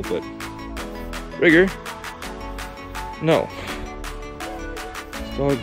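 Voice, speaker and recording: A man vlogging in a casual, excitable way, chatting to his viewers and to his dogs, with the odd curse thrown in. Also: medium pitch, slow pace, long pauses, soft background music. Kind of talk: casual vlog talk to camera.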